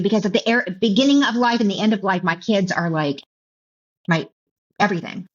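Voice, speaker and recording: A middle-aged woman telling her personal story as an interview guest, halting and emotional, with many restarts and repeated words. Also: mid-range voice. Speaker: author and keynote speaker, guest. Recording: dull lo-fi audio.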